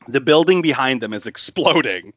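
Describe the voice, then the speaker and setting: Animated man laughing through a film recap. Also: medium pitch, normal speed, no echo. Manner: animated, laughs often, swears freely. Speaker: podcast host. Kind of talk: casual film recap chat.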